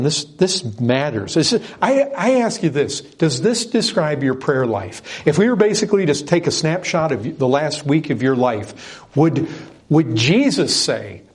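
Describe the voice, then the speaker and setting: A man preaching with a husky, slightly breathy voice pitched a little higher than most men. He speaks earnestly and with emphasis, often repeating words to drive a point home. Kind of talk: sermon.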